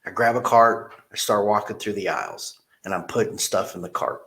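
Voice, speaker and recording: Lowish-voiced man telling a story. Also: normal speed. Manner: animated storyteller who acts out quotes. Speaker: car dealership manager. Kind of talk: conversational interview storytelling.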